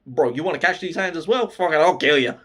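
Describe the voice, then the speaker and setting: A man's voice: fairly high pitch, fast talker, a bit bright. A man doing a blunt demon fighter. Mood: brash. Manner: blunt, slangy. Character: male demon fighter, brash then remorseful.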